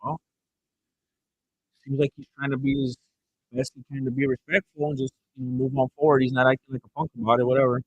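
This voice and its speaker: A man's voice: medium pitch, steady tone, fast talker, long pauses, no echo, dull audio. A man streaming a fight watch-along, chatting casually and rambling through stories between reactions. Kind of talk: casual live commentary.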